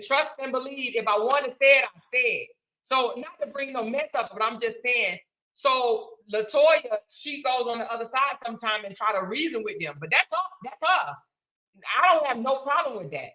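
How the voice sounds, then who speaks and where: Chatty bright-voiced woman livestreaming. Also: a little high, low-quality recording. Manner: chatty, reads and thanks viewers' comments. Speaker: livestream host. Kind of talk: casual livestream chat reading comments.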